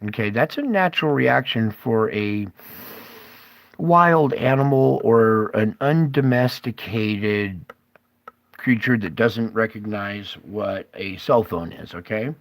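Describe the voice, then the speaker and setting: In a dry recording, a man with a fairly low voice rambles slowly through a conspiracy video he hosts. He often stops to put questions to the viewer, repeatedly tacking on "okay?".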